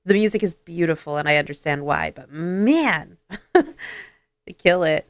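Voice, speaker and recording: A woman's voice: low-pitched, expressive, measured pace, no echo. Chatty woman co-streaming a game. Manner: chatty, upbeat. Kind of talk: casual stream chat.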